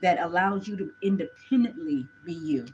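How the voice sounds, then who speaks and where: Low-voiced woman in her 40s, chatty live tarot reading, faint hum behind. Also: animated, normal speed, a little mellow, muffled recording. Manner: chatty, talks straight to viewers. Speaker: tarot reader.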